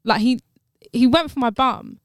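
A woman's voice: on the high side, normal speed, no echo, clean studio sound. A young woman chatting casually and bluntly, swearing freely as she tells a story. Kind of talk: casual chat.

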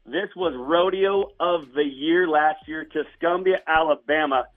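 Booming showman of a man on a dull phone line. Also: measured pace. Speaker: rodeo announcer guest. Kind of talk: phone interview.

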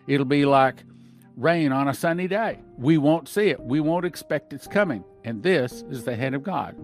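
A man's voice: a little high, lively intonation, normal speed, soft background music. A man hosting a podcast, reading news and scripture aloud and commenting on it with emphatic, repeated points. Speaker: podcast host.

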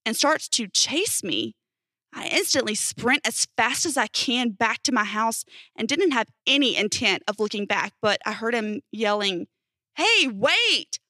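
Female storyteller, bright tone, dry booth sound, casual delivery. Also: a little high, a little slow, no room sound. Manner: casual storytelling with emphatic swearing. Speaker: narrator reading posts. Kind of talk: reading stories aloud.

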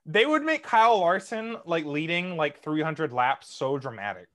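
A man co-hosting a podcast, talking excitably and swearing freely. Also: fairly high pitch, normal speed. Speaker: podcast co-host. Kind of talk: casual chat.

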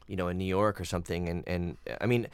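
Smooth low-voiced male podcast host. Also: quick pace, no room sound, studio quality. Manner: animated storyteller, many fillers. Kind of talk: casual interview chat.

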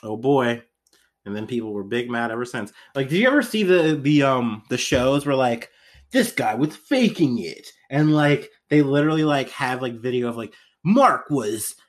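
A young male podcast co-host with a lively, swooping voice that rises and falls constantly. He rambles through loose comedic chat, leaning on "like" and cursing freely. The delivery is offhand and unscripted. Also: medium pitch, moderate pace. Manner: animated, rambling, heavy use of "like", swears freely.

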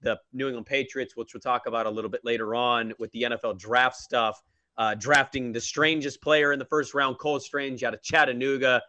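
A young man co-hosting a sports podcast, teasing and joking in casual, energetic chat. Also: medium pitch, fairly quick, no room sound. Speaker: podcast co-host.

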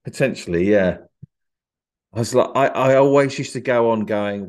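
A man's voice: mid-range voice, normal speed, darkish tone. A man guesting on a podcast, talking shyly with dry, self-deprecating humour. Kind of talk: casual podcast interview.

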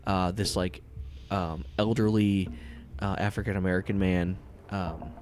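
A man's voice: sits low, steady tone, a little slow, darkish tone, slight background noise. A man narrating a tabletop game as game master, rambling with many fillers. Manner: rambling, full of fillers, laughs often.

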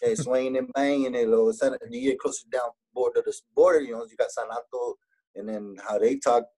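A young man from Laredo talks in a relaxed, husky voice with a Texas border Mexican-American accent. He speaks as a rapper being interviewed, sliding between English and Spanish. His pitch sits in an ordinary middle range. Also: fairly quick, poor audio. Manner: laid-back, switches between English and Spanish. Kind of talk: casual interview chat.

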